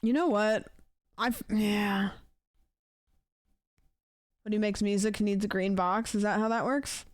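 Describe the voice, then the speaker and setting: Casual rambling woman streamer, smooth voice. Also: mid-range voice, fairly even intonation, measured pace, long pauses, dry recording, clean studio sound. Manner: rambling, playful, swears casually. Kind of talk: casual chat, ranking celebrities' texting habits.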